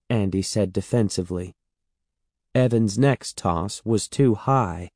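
With a voice on the low side, a man narrates an audiobook calmly and evenly, like a storyteller. The studio-quality recording has no room sound.

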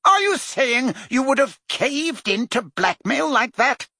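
A man voicing a flustered, defensive male wizard minister who talks rapidly and heatedly, his voice climbing when pressed. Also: extremely high pitch, big pitch swings, pushed and bright, no echo, studio quality, pitched above the performer's own voice, full character voice. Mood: indignant.

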